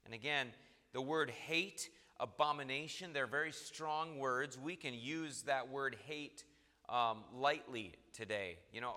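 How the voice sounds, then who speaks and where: A man preaching a midweek sermon in a church, earnest and emphatic, reading scripture slowly. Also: medium pitch, bright, forceful tone. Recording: reverberant hall.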